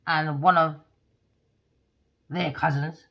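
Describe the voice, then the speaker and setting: Blunt woman ranting, muffled audio. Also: takes it slowly. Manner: blunt, swears freely, swings between low mutters and loud excited bursts. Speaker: podcast host. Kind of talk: casual storytelling rant. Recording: muffled lo-fi recording.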